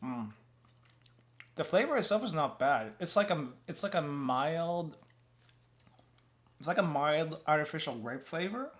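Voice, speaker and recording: A man's voice: a little high, animated, a little slow, long pauses, fairly bright tone. A man streaming as a VTuber, chatting casually while tasting snacks. He rambles, restarts his phrases, and talks around a mouthful of gum. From United States. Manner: rambling and self-correcting, often restarts phrases.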